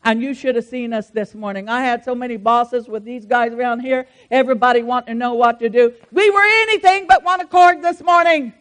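A woman pastor preaches in a high, ringing voice. She moves fervently between loud declarations and hushed asides, speaking directly to her congregation. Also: fairly quick, hardly any pauses. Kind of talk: sermon.

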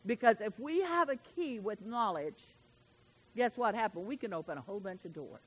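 A woman preaching a sermon in a folksy, emphatic way, swinging from loud declarations to soft asides. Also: medium pitch, animated, moderate pace, husky, poor audio.

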